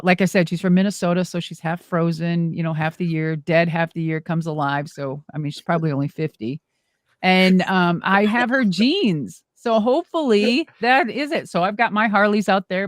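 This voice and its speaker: A middle-aged woman, a former wrestler and monster truck driver, telling stories in an animated, exclamatory way as an interview guest. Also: lowish voice, normal speed, no echo, clean studio sound. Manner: animated, exclamatory, acts out quoted dialogue. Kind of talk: casual storytelling interview.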